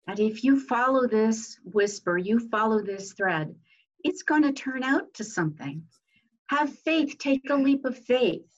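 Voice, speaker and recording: A woman guest giving an earnest, inspirational talk, often pausing with fillers and restarting her sentences. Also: a little high. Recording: dull lo-fi sound.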